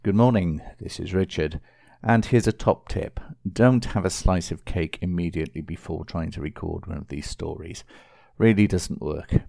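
A man's voice: low voice, moderate pace, creaky, darkish tone, dry recording. A man reading a short comic story with a dry, jokey delivery.

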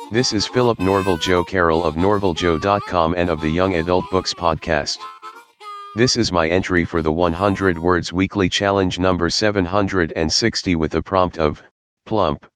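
A man hosting a podcast who introduces and reads his own short story in a plain, steady way. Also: sits low, dry recording. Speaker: podcast host. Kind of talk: scripted story reading.

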